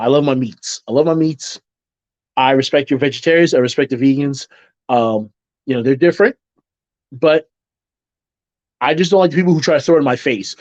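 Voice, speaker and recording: A man rambles casually to his viewers, circling back on his phrases and getting animated when he jokes. His voice is mid-pitched and sits close and dry in the recording, which sounds a little dull and muffled. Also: no room sound. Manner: rambling, with restarts and repeated phrases; animated when joking, mimics people in quotes. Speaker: vlogger.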